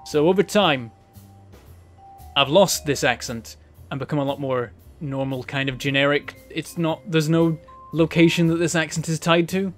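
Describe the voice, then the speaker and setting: A fairly high-voiced man from northern England commentates his game live on stream, musing aloud and answering his chat. He breaks into exasperated outbursts when things go wrong, with faint game music playing behind him. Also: moderate pace. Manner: thinks aloud, reading chat, bursts of frustrated exclamations.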